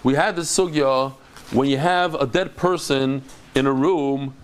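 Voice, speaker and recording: A man teaching a Talmud class, lively and acting out the dialogue. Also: a little slow, smooth. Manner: lively, acts out dialogue with big pitch jumps.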